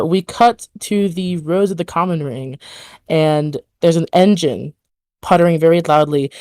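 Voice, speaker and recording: A woman's voice: sits low, darkish tone, clear, resonant tone, no echo. A woman narrating a tabletop game as game master, describing scenes in a hesitant way full of fillers.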